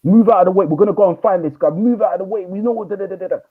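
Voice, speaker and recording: A man's voice: sits high, expressive, a little fast, creaky, breathy edge, pitched above the performer's own voice, exaggerated voice. A man acting out an angry, grieving young man in a story told over a tinny, phone-like line. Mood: defiant.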